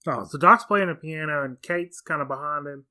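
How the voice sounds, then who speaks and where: A man in his thirties with a bright, forceful tone talks through a movie plot on a casual podcast. He sounds relaxed, quotes lines and corrects small details. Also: fairly high pitch, moderate pace. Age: 30s. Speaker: podcast co-host. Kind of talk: casual film recap chat.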